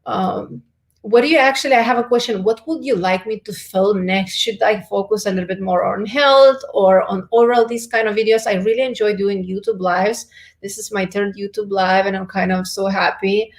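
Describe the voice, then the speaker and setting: Lady on a live beauty stream, gushing and affectionate, some vocal fry in there. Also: mid-range voice, normal speed. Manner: warm, effusive and affectionate. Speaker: beauty and health YouTuber. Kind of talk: casual livestream chat reading viewer comments.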